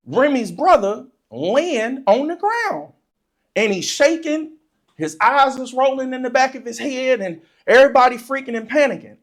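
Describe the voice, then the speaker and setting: An animated storyteller telling a funny childhood story, laughing often and acting out the excitement in casual, informal speech. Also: medium pitch. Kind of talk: comedic personal storytelling.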